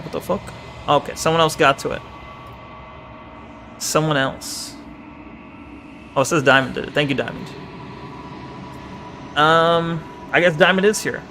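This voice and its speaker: A man's voice: on the high side, vocal fry, fairly bright tone, slight background noise. A man streaming a game, chatting casually with viewers, joking and swearing as he plays. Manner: joking, profane, laughs often, reads game text aloud. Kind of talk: casual gaming commentary.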